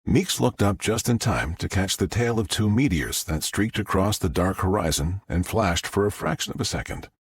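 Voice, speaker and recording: Brief: male narrator, low husky voice, expressive pitch, dry booth sound. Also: moderate pace, few pauses, no echo. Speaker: audiobook narrator. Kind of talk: scripted narration.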